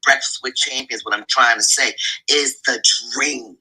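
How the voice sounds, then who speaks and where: A man's voice: medium pitch, steady tone, a little slow, pushed and bright, husky, low-quality recording. A man speaking up in an audio chat room, earnest and emotional, rambling as he gives thanks.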